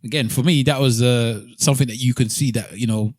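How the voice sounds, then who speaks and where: A man's voice: mid-range voice, fairly even intonation, fairly quick, darkish tone, dry recording, studio quality. A man co-hosting a casual podcast chat, arguing his points and repeating words while he searches for them. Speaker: podcast co-host.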